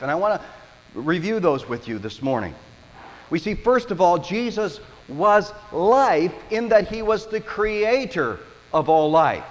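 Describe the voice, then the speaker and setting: Lively preacher in a big hall. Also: male voice, high voice. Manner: storytelling, animated preaching with dramatic pauses. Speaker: pastor. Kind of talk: sermon.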